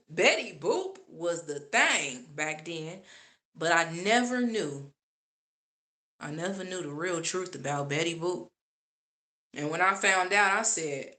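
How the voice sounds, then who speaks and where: A woman giving casual opinion commentary as a vlogger, sassy and animated, laughing often. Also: fairly low pitch.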